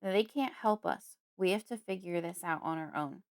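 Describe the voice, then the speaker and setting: Woman voicing a desperate father, urgent, pleading, loud, horror audiobook, dry close mic. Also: lowish voice, normal speed, no room sound, lightly acted.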